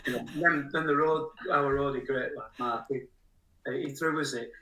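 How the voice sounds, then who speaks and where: A man's voice: mid-range voice, moderate pace, a crowd in the background. Distant, roomy middle-aged man. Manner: rambling, self-mocking, laughs often. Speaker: guest musician. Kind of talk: casual interview chat. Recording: roomy room from a distant mic.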